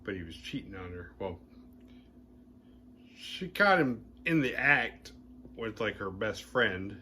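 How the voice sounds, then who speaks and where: Lower-voiced man with bright edge. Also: takes it slowly, slight background noise. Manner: animated, playfully crude retelling. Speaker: horror movie podcast host. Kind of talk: casual movie recap.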